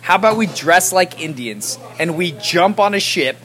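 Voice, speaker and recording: A man co-hosting a podcast, telling stories in casual banter, animated and swearing, often laughing. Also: high voice, moderate pace.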